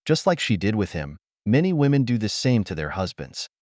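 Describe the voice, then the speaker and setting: A man's voice: fairly low pitch, sing-song, brisk, darkish tone, dry recording, clean studio sound. A man hosting and narrating a scripted voice-over, preaching directly to male viewers. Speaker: host and narrator.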